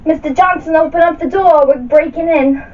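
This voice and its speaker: Casting: a woman doing a brisk, officious raiding cop, high voice, muffled far-off camcorder sound. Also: close to an everyday voice. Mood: commanding. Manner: barking orders, then stiffly polite. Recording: muffled distant camcorder audio with hiss.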